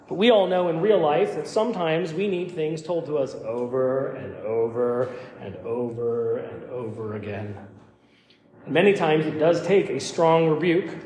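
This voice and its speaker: High-voiced pastor preaching in echoey hall. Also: male voice, a little mellow, a little hiss or hum. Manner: emphatic, repeats words when starting phrases. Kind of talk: sermon. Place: church sanctuary.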